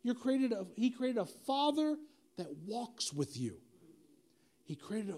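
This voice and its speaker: Animated, high-voiced male preacher. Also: unhurried. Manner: animated and conversational, with slang and direct questions to the congregation. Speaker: pastor. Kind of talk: sermon.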